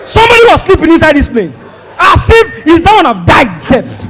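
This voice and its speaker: A Nigerian man performing stand-up comedy, telling a story in an animated way and slipping into pidgin, with a Nigerian accent. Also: very high voice, a little fast, some chatter behind. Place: live comedy show before an audience. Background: audience laughter.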